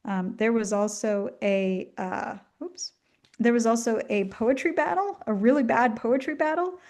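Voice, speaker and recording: Her voice sits a little high and a little mellow, and she keeps a measured pace. The woman is giving an enthusiastic, chatty illustrated lecture, casual in style, sprinkled with ums and asides. Still getting over the flu, she coughs every so often.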